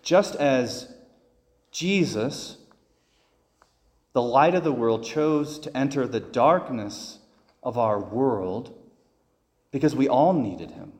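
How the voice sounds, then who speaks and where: A man's voice: medium pitch, expressive, takes it slowly, pauses often, darkish tone, big-room sound. A man, a priest, delivering a conversational homily full of personal stories, with frequent restarts and fillers.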